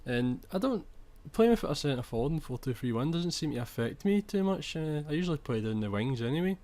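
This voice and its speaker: A man's voice: a little high, big pitch swings, fairly quick, mellow. A young man commentating over his own football video game footage, chatty, restarting sentences and swearing when annoyed. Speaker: gaming commentator.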